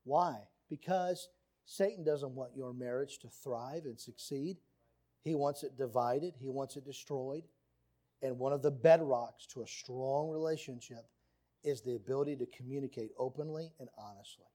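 A man's voice: mid-range voice, moderate pace, warm tone. A man preaching a sermon on marriage, earnest and emphatic, reading quotes and scripture aloud. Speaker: pastor.

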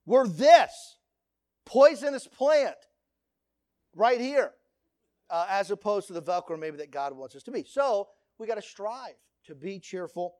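A man's voice: on the high side, dry recording, studio quality. A man preaching a sermon to a congregation, earnest and direct, telling stories to make his point. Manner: earnest, preachy, lively storytelling. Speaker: pastor.

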